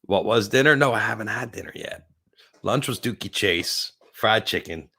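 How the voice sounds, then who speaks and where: A man in his fifties hosting a casual live stream from a porch, rambling and giggling while very high. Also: expressive, sharp tone, husky. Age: 50s. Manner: rambling, giggly, stoned and slowing down. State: very high on cannabis. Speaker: livestream host. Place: outdoor porch.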